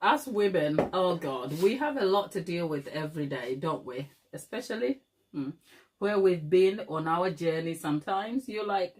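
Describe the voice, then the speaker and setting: The voice is lowish, expressive, and a little mellow, at a moderate pace. It belongs to a middle-aged woman from Africa hosting a baking channel, who chats casually with livestream viewers, laughs often, and calls them darling.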